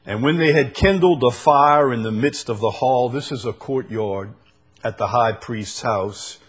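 A preacher from New Orleans, judging by his accent, reads scripture aloud and explains each verse in turn. His voice is medium-pitched and slightly rough, measured but rising to emphatic bursts.

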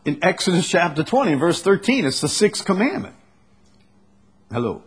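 A man preaching an expository sermon, reading scripture slowly and deliberately, then booming for emphasis and dropping low. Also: very animated, slightly rough. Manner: reads verses slowly and deliberately. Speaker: pastor.

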